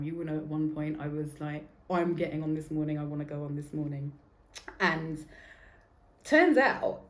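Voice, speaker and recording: A woman's voice: low-pitched, a little mellow, echoey room. A woman of about forty hosting her own podcast, talking bluntly and casually, swearing freely and drifting off on tangents. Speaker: podcast host. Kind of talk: casual solo podcast chat. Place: seated in a room recording a podcast.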